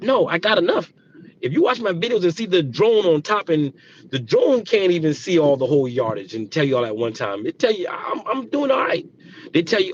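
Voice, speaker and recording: A man's voice: a little high, animated, fairly quick, lo-fi sound, slight background noise. Passionate rambling man on a livestream. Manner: passionate, rambling, repeats himself. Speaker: dog kennel owner. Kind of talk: casual livestream talk.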